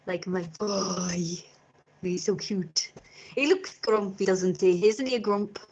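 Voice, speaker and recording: A woman's voice: mid-range voice, takes it slowly, gravelly, darkish tone, muffled recording. A young woman chatting casually on a home live stream, rambling and acting out little scenes with sudden squeals. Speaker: vlogger. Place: at home indoors. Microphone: camera mic.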